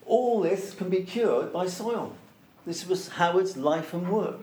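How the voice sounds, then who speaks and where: A man's voice: sits high, lively intonation, slow pace, darkish tone, echoey room. A man telling stories emphatically in a conversation, repeating key points for stress. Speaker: interviewee, organic soil product promoter. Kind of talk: anecdotal storytelling in conversation.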